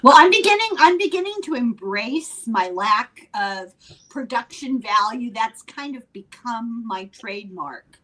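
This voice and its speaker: An older woman with an Irish accent chats as a guest over a video call. Her voice sits a little high, and her humor is wry and self-deprecating. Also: expressive, takes it slowly, fairly bright tone, low-quality recording. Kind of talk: casual chat on a live video call.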